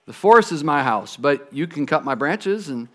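A man voicing a gentle, loving female apple tree in a children's storybook read-aloud, coaxing and tender. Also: a little high, animated, normal speed, pitched below the performer's own voice, lightly acted. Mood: offering. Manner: eager and coaxing, sinking to soft sorrow.

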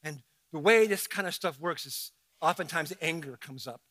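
Man, pastor, sermon, high and bright voice, animated, conversational. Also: normal speed, slight background noise.

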